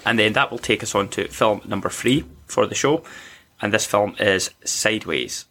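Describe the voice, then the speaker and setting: A man hosting a podcast, chatting casually about films in a measured, mildly wry way. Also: lowish voice, pushed and bright. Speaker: podcast host. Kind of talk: casual film review chat.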